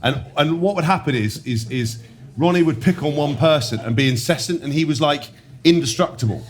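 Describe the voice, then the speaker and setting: A man's voice: on the high side, fairly quick. A man in his thirties, a former rugby player co-hosting, telling boisterous self-mocking anecdotes in casual chat.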